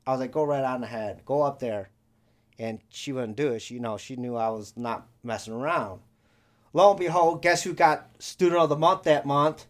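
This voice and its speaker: A man's voice: mid-range voice, fairly even intonation, moderate pace, a bit bright. A young man co-hosting a podcast, telling rambling stories in casual chat and acting out the voices of the people he quotes. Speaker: podcast co-host.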